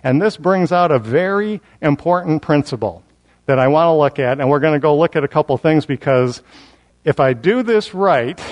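A man preaching an expository Bible sermon, building emphasis through repetition and slowing down on key words. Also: on the high side, darkish tone.

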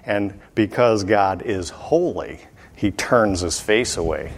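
A man giving verse-by-verse Bible teaching in an unhurried way, often pausing with fillers and clearing his throat. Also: lowish voice, in a large hall, a little hiss or hum.

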